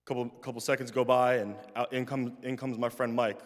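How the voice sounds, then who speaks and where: A man's voice: medium pitch, fairly quick. Young man telling a story in a reverberant chapel. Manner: animated, acts out quoted voices, trails off softly in reflective moments. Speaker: guest speaker. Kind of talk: personal storytelling talk. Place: large chapel.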